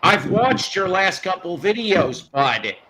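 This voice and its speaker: Hosting a casual live stream, a man rants at his chat in exasperation, stopping and restarting as he goes. His voice sits high with big pitch swings and a slow pace, over a noisy background.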